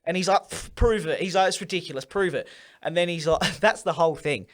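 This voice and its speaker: A man's voice: high-pitched, fast, fairly bright tone. A man co-hosting a casual podcast, telling rambling stories full of swearing and acted-out quotes. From Australia. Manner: rambling storytelling with heavy swearing. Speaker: podcast co-host.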